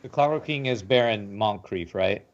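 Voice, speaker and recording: A man's voice: lowish voice, dull audio. A man playing in a tabletop game, talking casually. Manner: slow, lively, laughing player. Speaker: player.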